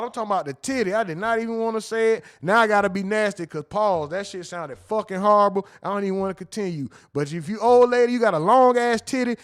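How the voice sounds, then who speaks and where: A man hosting a livestream, reading the chat and riffing crudely, with loose joking talk and frequent laughter at his own slips. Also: high-pitched. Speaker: livestream host.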